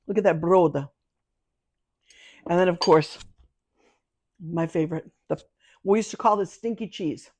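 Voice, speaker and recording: A woman's voice: lowish voice, a little mellow. A middle-aged woman hosting a home cooking video, chatting casually about a family pasta dish and laughing easily.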